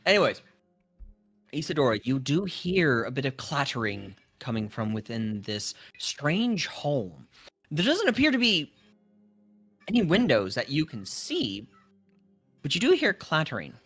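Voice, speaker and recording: A man running a tabletop game as dungeon master, narrating in a relaxed, hesitant way with restarts. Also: medium pitch, a little slow, husky, faint music behind.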